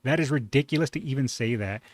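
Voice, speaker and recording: A man's voice: mid-range voice, quick pace, dry recording. A man hosting a reaction video, commenting casually with sarcasm and indignant rhetorical questions.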